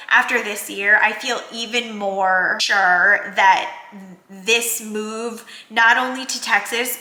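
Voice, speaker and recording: A working mom and vlogger from New Jersey, in her thirties, talks casually to the camera while tearful and crying, rambling with restarts and fillers. Her mid-range voice has a sharp tone, and the room sounds roomy and echoey.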